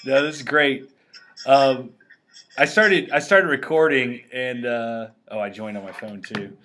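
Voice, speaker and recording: A man's voice: medium pitch, unhurried, sharp tone. A man hosting a casual tech show, rambling with lots of fillers and restarts. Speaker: host. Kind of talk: casual screen-recorded tech chat.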